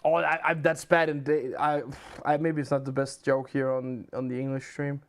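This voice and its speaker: A man's voice: medium pitch, little pitch movement, moderate pace, smooth. A man from Denmark with a Danish accent, a livestream host telling rambling stories and answering chat questions in casual chat.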